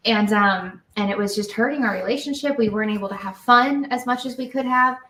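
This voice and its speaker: A woman's voice: a little high, fairly quick, bright, forceful tone, reverberant, recorded from a distance, a little hiss or hum, rough recording. A woman co-host in casual chat, telling her story in an earnest, reflective way.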